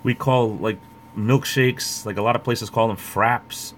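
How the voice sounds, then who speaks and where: A man's voice: mid-range voice, steady tone, unhurried, fairly bright tone, a little hiss or hum. A middle-aged man, hosting a livestream and chatting casually in a rambling way. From Rhode Island. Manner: rambling, chatty, greets viewers by name. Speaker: livestream host. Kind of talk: casual chat.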